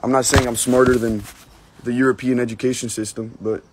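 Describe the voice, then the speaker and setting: Hosting a livestream, this young man from the United States talks briskly in a mid-range voice with little pitch movement. Reading through comments, he rambles, cracks jokes, curses, and fills his speech with filler words.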